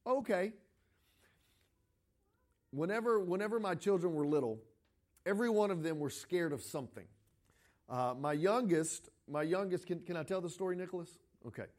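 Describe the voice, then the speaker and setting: A middle-aged pastor delivers a sermon with a noticeably high-pitched voice. He speaks conversationally and animatedly, telling stories and slipping into quoted voices. His phrasing is loose, with frequent repeated words and restarts. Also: normal speed, long pauses.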